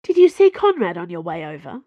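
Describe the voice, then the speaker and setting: A woman voicing a nervous young woman who speaks in an urgent, hushed way. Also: fairly low pitch, huge pitch swings, fairly quick, dry recording, dull audio.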